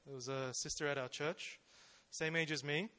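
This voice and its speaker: In an informal church sermon, a young man talks at a normal speed with fairly even intonation. His voice is high-leaning, bright, and forceful, and he fills his talk with fillers and rhetorical questions.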